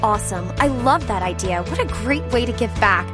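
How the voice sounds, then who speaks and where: A woman's voice: a little high, animated, normal speed, over music, natural voice. A woman acting a friend in a scripted ad, bubbly and enthusiastic. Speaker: friend in a charity ad. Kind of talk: scripted ad dialogue.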